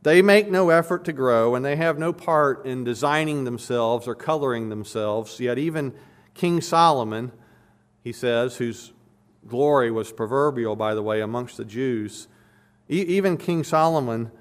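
Male preacher, mid-pitched, emphatic sermon delivery, repeats key phrases. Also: measured pace. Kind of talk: expository sermon.

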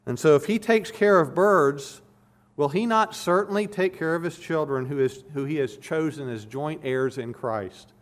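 A man's voice: fairly high pitch, normal speed. A man preaching an expository sermon, emphatic and repeating phrases to stress his points.

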